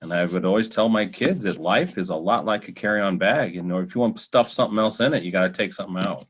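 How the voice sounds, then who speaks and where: A man hosting an interview show, talking in an easygoing, relaxed way that often trails off. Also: low-pitched, fast talker, breathy edge. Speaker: show host. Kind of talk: casual interview chat.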